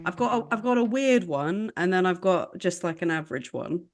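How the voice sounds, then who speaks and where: A woman talks about films with a lively, swooping pitch. She is chatty and laughs easily, keeping the banter moving. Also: moderate pace, soft background music. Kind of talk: casual film chat.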